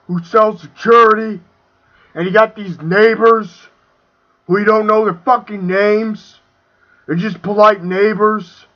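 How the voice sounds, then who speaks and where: A young man ranting angrily about a movie, profane and swinging between shouting and muttering. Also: sits high. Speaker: video reviewer. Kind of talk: angry movie rant. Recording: dull lo-fi home recording.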